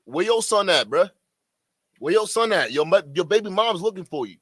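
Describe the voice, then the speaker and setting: A man commenting on a clip for his chat, mocking and loud. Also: high voice, sing-song, normal speed, husky, no room sound. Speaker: streamer reacting to clips. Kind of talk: live reaction commentary.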